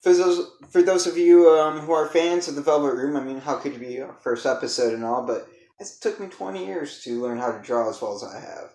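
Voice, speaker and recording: A man's voice: on the high side, fairly quick, a little mellow. A man co-hosting a podcast in laid-back casual chat, often calling people "man". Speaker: podcast co-host. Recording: echoey room.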